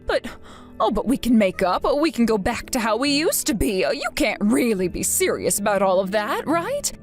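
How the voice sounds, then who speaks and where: A woman's voice: fairly high pitch, big pitch swings, moderate pace, faint music behind. A woman voicing a whiny, self-pitying older mother who dramatically pleads with her daughter for money. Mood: pleading. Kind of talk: text-story voice acting.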